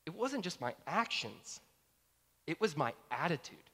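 Lively, bright-voiced male preacher. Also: a little high, moderate pace, long pauses, big-room sound. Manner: animated storytelling, acts out dialogue. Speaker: pastor. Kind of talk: sermon with personal story.

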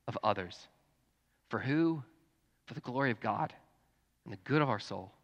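A pastor preaching a sermon, earnest, dropping to a hush and then rising to fervent emphasis. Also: male voice, medium pitch. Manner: earnest, swings from hushed to fervent. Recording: long reverb in a church hall.

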